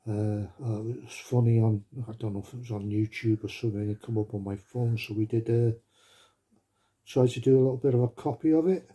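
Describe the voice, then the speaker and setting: A man's voice: lowish voice, steady tone, a little fast, dark tone, breathy edge. A Welsh man, a plasterer, chatting casually to his phone camera with lots of fillers and loose rambling asides. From Wales. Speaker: plasterer vlogger. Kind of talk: casual vlog chat.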